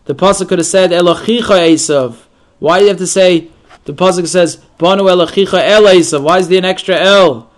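A man's voice: sits high, a little fast. A man giving a Torah lesson, reading verses aloud, translating them phrase by phrase, and asking rhetorical questions before he explains. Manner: mixes Hebrew and Yiddish terms into English explanation. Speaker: Torah teacher. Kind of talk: Torah lesson on the weekly portion.

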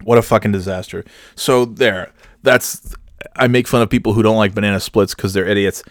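A man's voice: lowish voice, fairly even intonation, moderate pace, dry recording, studio quality. A man telling a rambling comic story about himself, self-mocking and swearing freely. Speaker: comedian storyteller.

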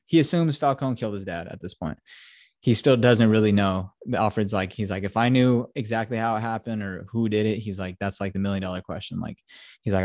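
A male podcast host rambles through a movie recap, swearing freely and acting out the lines. His voice sits a little low. The sound is dry and close. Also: a little mellow, no echo. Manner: profane, rambling, quotes characters.

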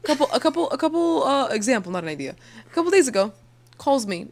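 A woman's voice: sits high, sing-song, quick pace, darkish tone. Blunt, teasing young woman podcaster. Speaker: podcast co-host. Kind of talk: casual chat.

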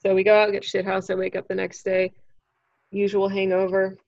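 Gravelly-voiced woman telling stories. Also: medium pitch, normal speed, no room sound, lo-fi sound. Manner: animated, acts out quoted voices, swears freely. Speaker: standup comic telling a story. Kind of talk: casual storytelling chat.

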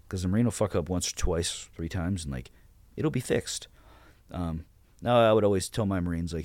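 A man's voice: sits low, fairly quick, a little mellow, no echo. A blunt, profane man in his thirties, a podcast guest telling stories about how he ran his platoon. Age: 30s. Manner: blunt, profane, retells his own orders. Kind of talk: casual interview storytelling.

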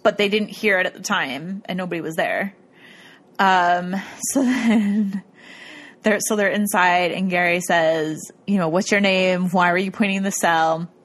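This woman's voice sits lowish and a bit bright, and she keeps a measured pace. Her chat about a ghost-hunting show wanders all over, packed with "like" and bursts of laughter.

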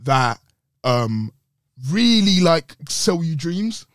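A man's voice: a little high, sing-song, drawn-out words, slight background noise. A young man chatting casually on a podcast as a guest actor, laid-back and full of slang and filler words.

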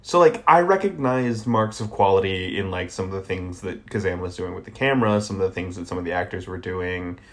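A man from the American South, co-hosting a casual movie podcast. His voice is fairly low-pitched, and his critiques come out blunt, sardonic and peppered with swearing. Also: a little fast, hardly any pauses, fairly bright tone. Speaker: podcast co-host.

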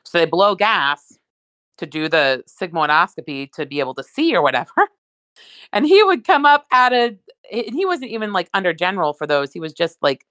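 Low-voiced woman rambling in casual chat. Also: big pitch swings, normal speed, fairly bright tone, no echo. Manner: rambling, chatty, lots of fillers and asides.

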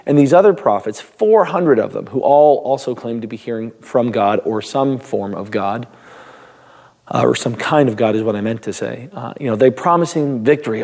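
A male pastor reading a Bible passage, then giving a relaxed, conversational devotional with occasional restarts. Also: mid-range voice, moderate pace. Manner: reads scripture, then talks loosely with restarts and small laughs.

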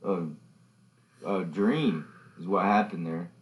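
A young man with a very deep voice co-hosts a relaxed podcast conversation. He talks in a dry, low-key, matter-of-fact manner. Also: takes it slowly. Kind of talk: casual podcast chat.

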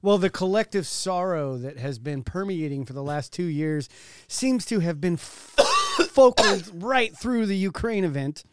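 A man's voice: high-pitched, expressive, measured pace, background noise. A man co-hosting a casual podcast, profane and joking, often laughing and mimicking others. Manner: profane, laughing, mock voices. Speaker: podcast co-host.

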